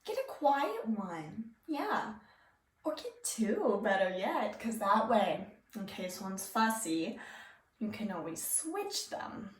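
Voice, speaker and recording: A woman's voice: mid-range voice, sing-song, takes it slowly. Woman playing a fussy pageant organizer. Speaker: theatre student performing a monologue. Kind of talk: stage monologue. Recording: roomy echo, mic far off.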